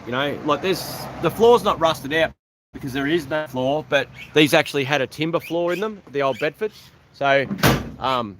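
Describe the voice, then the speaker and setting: Aussie bloke rambling on a phone livestream outside, bit of faint noise behind. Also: male voice, a little high, normal speed. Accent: Australian. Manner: rambling, relaxed, thanks viewers by name. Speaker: livestream host. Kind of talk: casual livestream chat. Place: outdoors beside an old truck.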